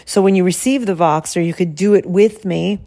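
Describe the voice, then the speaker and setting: A woman health coach who explains her service in a soft, calm and soothing way and guides slow breathing. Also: fairly low pitch.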